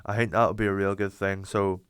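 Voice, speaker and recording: A young Irish man hosting a podcast, rambling excitably, swearing and acting out imagined conversations. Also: deep voice, brisk, clean tone, no room sound, studio quality. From Ireland. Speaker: podcast host. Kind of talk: casual monologue.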